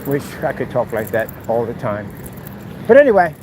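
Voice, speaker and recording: A man's voice: medium pitch, sing-song, normal speed. Man taunting on a walk, traffic behind. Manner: mocking, taunting, playful. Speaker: vlogger. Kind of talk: casual walking monologue. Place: outdoors by a street, walking. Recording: outdoor traffic noise.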